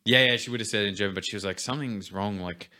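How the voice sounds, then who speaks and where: A young man on a podcast, telling a childhood story in a laid-back, chatty way that turns quiet when the story gets serious. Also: lowish voice, rapid-fire. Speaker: podcast co-host. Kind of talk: casual podcast chat.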